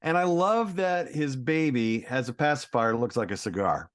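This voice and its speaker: A man from Texas, a voice actor guest, chatting on a podcast in an animated, talkative and encouraging way. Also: mid-range voice, moderate pace. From Texas, USA. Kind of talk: casual podcast chat.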